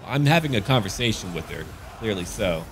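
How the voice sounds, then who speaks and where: A man's voice: lowish voice, animated, fairly quick, slight background noise. A man giving casual, jokey commentary over a strategy game battle. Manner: goofy, jokey, slips into silly voices. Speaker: gaming YouTuber.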